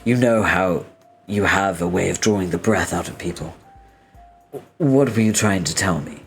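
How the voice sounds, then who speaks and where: A prim, long-winded troll inventor, read out by a man whose low voice strings out formal, overly polite sentences. Faint music sits under the reading. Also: moderate pace, creaky. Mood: stiffly polite. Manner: formal, verbose, stiffly polite.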